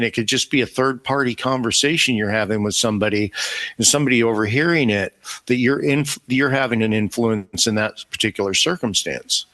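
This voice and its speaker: A man's voice: mid-range voice, pushed and bright. A man as a podcast guest, speaking reflectively about faith and thinking aloud as he goes. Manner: reflective, thinks aloud with restarts and "you know". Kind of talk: casual faith conversation.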